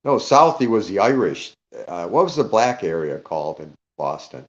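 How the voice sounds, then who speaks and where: Low-voiced man chatting on a lo-fi live panel. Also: big pitch swings, moderate pace. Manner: rambling, greets listeners by name, checks he caused no offence. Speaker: guest speaker on a live audio panel. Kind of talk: casual live chat.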